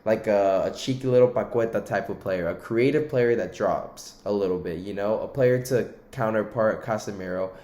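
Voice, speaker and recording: A young man, ranting casually about football in a heated, animated way. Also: fairly low pitch, moderate pace, hardly any pauses, roomy sound. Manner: animated, ranting, uses "mate" and "lad". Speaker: football commentator. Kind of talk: casual opinion rant.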